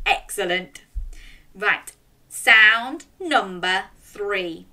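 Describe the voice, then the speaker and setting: A young woman reading a children's story aloud and running games, speaking directly to young children in an animated way. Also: mid-range voice, a little slow, noisy background.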